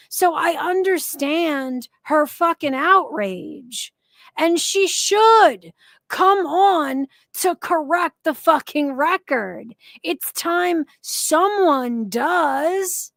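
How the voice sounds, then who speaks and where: A high-voiced woman rants through angry live-stream commentary, swearing freely and scolding the people she talks about. Her delivery is slow and deliberate, and the sound is dry and close. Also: lively intonation, fairly bright tone, no echo. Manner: profane, ranting, heated.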